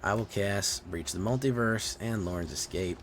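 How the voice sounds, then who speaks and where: Low-voiced playful male streamer. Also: moderate pace, faint music behind. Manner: playful, teasing, talks to viewers. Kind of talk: casual gameplay commentary to chat.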